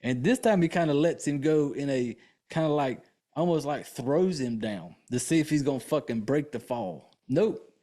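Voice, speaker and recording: This man hosting a podcast sounds fairly high and animated, with a dark tone, speaking at a normal pace. He goes over a film in an easygoing, chatty ramble, swearing and dropping fillers constantly.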